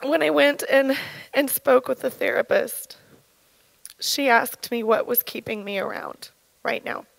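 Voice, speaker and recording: A woman in her thirties giving an earnest, halting personal testimony at church, her voice shaken with emotion. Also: high voice, creaky, no room sound, rough recording. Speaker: church speaker sharing testimony.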